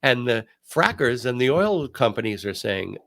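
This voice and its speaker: An older man hosting a talk show, telling stories and giving commentary in an emphatic, animated way. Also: medium pitch, moderate pace, creaky. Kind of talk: casual commentary.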